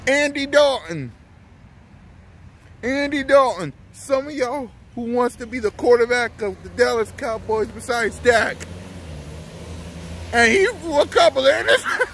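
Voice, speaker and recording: A man's voice: extremely high pitch, lively intonation, moderate pace, fairly bright tone. A man vlogging a mocking, taunting sports rant and laughing often, with faint traffic outside. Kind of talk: trash-talking sports rant.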